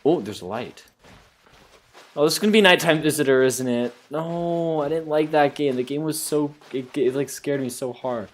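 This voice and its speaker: A man's voice: on the high side, normal speed, lightly acted. A young man voicing an exasperated male player character in a comedy parody, whiny, sarcastic and easily rattled. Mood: nervous.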